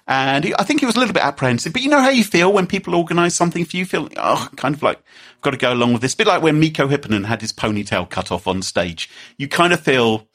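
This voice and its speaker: A man co-hosts a podcast in casual chat. He tells his story in a chatty way and laughs often. His pitch rises and falls a lot, and his voice has a slightly husky edge. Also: fairly bright tone. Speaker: podcast co-host.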